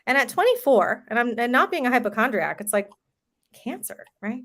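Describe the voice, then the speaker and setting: A woman's voice: a little high, sing-song, a little fast, a bit bright, a little hiss or hum. A woman in her thirties, a podcast guest, telling a personal story in a candid, casual way and swearing now and then.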